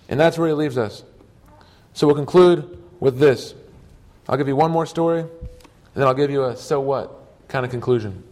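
A man's voice: mid-range voice, moderate pace, a little mellow. A man preaching a sermon, telling stories earnestly in short emphatic phrases.

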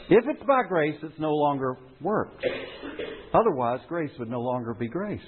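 Preacher guy, lively sing-song delivery, kinda husky, tinny phone-line sound. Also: on the high side, measured pace. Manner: emphatic preaching, voice leaps up on quoted lines. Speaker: pastor. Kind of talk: sermon.

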